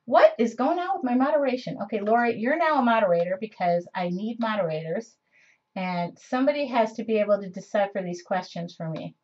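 A fairly quick, medium-pitched woman in her forties hosts a live craft show, chatting casually and rambling with lots of fillers. It's relaxed live-stream talk picked up by a computer mic, and the audio comes across dull and lo-fi.

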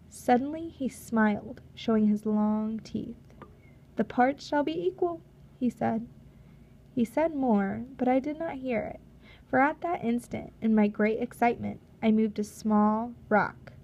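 A woman reading a storybook chapter aloud in a measured, steady narration. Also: a little high, dull audio, slight background noise. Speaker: audiobook reader.

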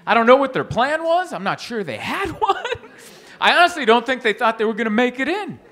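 In this stand-up set, a young adult man spins lively stories, laughs at his own punchlines, and swings his pitch widely to imitate the people he quotes. His pace is a little fast.

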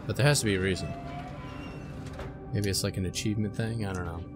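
A man's voice: lowish voice, fairly even intonation, fast talker, music in the background. A young man giving casual let's-play commentary, chatty and unsure of himself, often speaking to the creatures in the game. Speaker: gaming commentator.

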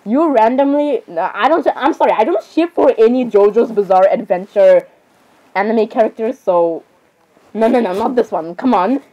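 A woman's voice: a little high, lively intonation, normal speed, muffled recording. A teenage girl casually reacting and commenting, rambling and saying sorry over and over with giggles. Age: teens. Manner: chatty, rambling, keeps apologizing with giggles.

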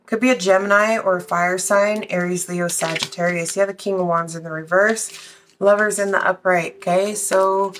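A woman's voice: medium pitch, steady tone, normal speed, background noise. A woman doing a casual tarot reading, chatty and blunt, swearing freely and a little out of breath. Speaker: tarot reader.

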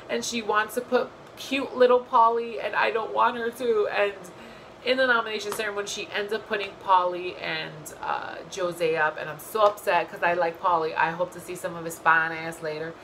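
A young woman vlogger recapping a reality show in a casual, gossipy way, blunt and full of swearing and animated asides. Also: medium pitch, normal speed, slight background noise, low-quality recording.

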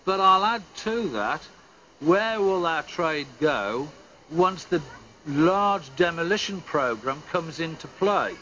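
A man's voice: fairly high pitch, lively intonation, slow pace, bright, forceful tone. A male market trader speaking earnestly and anxiously in a news interview, repeating words. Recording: dull TV audio with background noise.

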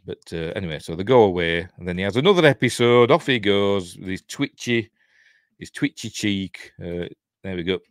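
A middle-aged Yorkshireman hosts a film commentary, chatting casually in a deep, expressive voice at a moderate pace. He rambles, chuckles and cuts himself off mid-thought. The studio recording is clean, with no room sound.

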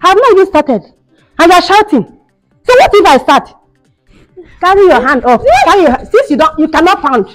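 A woman's voice: very high-pitched, sing-song, fairly quick, pauses often. A woman acting a cruel, taunting mother-in-law in a home-made skit, shrieking and mocking. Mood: bullying. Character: cruel scolding mother-in-law, shrill and bullying. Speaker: actor in a skit. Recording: dull sound with faint music behind.

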